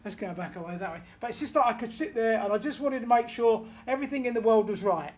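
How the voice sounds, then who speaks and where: A woman's voice: fairly high pitch, lively intonation, fast, darkish tone. A woman giving a spiritual medium reading, chatty and relaying messages, often checking in with her listener.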